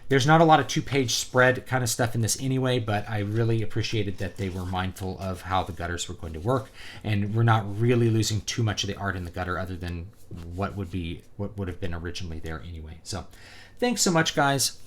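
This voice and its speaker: A man's voice: on the low side, brisk, a little hiss or hum. A man giving a casual, opinionated product review, talking conversationally with plenty of fillers. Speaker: book reviewer and author.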